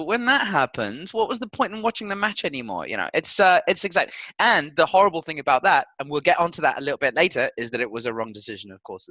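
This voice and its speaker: A man co-hosting a sports podcast in casual chat, excitable and laughing often. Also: fairly high pitch, no echo. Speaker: podcast co-host.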